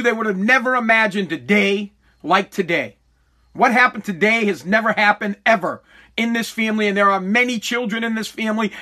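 A middle-aged man hosting a podcast, delivering an animated, mock-pompous comedic rant full of swearing. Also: high-pitched. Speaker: podcast host.

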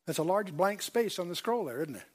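Man, Bible teacher, high voice, emphatic lecture, rhetorical questions. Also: expressive, a little fast, darkish tone. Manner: emphatic, repeats key points, asks the audience questions. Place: lecture hall with screen.

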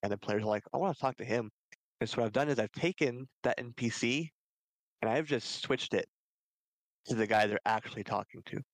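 A man's voice: fairly low pitch, fairly quick, no echo, low-quality recording. A man chatting on a podcast as a game master, explaining eagerly with many fillers. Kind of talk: casual chat.

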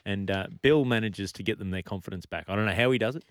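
A man's voice: lowish voice, quick pace, no echo. An Australian man co-hosting a casual sports podcast, joking and bantering playfully. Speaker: podcast co-host.

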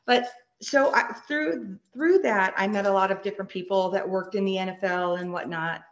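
A woman with a Texan accent, a superfan guest on a podcast, telling her story in an animated, chatty way. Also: normal speed, dull audio. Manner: animated, acts out quoted voices high and bright. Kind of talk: casual interview storytelling.

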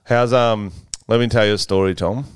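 A man's voice: fairly low pitch, steady tone, moderate pace, clean tone, no room sound, studio quality. A young Australian man co-hosting a podcast, telling stories in a laid-back way, swearing freely and laughing often. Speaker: podcast co-host. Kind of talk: casual chat.

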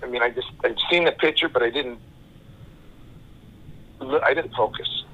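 Middle-aged man telling a story over the phone. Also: medium pitch. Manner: halting, repeats himself. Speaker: guest. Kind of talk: personal storytelling. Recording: tinny phone line.

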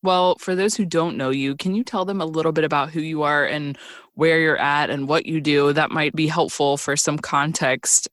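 A woman's voice: deep voice, steady tone, moderate pace, fairly bright tone, no room sound. A woman hosting a podcast interview in a friendly, giggly way, recording from a closet at home. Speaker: podcast host. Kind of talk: casual interview. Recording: dry closet sound.

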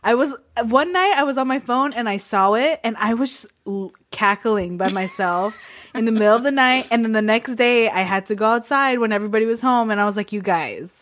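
A woman's voice: on the high side, brisk, a bit bright, a little hiss or hum. A woman co-hosting a casual chat show, talking in a loose, filler-heavy way and laughing a lot. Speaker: podcast co-host.

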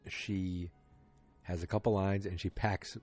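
A man casually recapping a TV episode, rambling and animated, with chatty asides to viewers. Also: deep voice, measured pace, soft background music.

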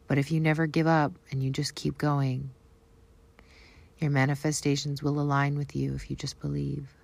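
A woman's voice: sits low, flat delivery, moderate pace, vocal fry, a little mellow. A Canadian woman with a Canadian accent, talking earnestly and affirmingly in a casual spiritual vlog. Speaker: spiritual vlogger.

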